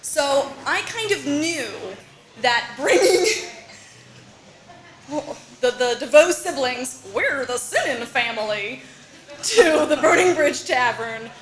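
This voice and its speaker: A woman telling a personal story live on stage, animated and laughing often as she acts out her relatives' lines. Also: high-pitched, roomy sound, very noisy. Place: bar or small venue with audience.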